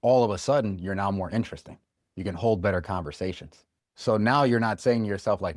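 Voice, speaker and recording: A man's voice: lowish voice, fast, dry recording, studio quality. A man hosting a podcast, talking casually and eagerly, thinking aloud as he sums up his guest's points. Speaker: podcast host.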